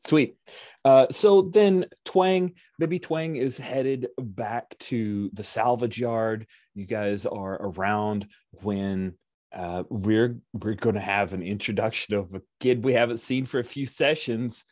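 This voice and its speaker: A man's voice: fairly low pitch, slow pace, a little mellow, no room sound, studio quality. A man narrating a tabletop game as game master, chatty and enthusiastic.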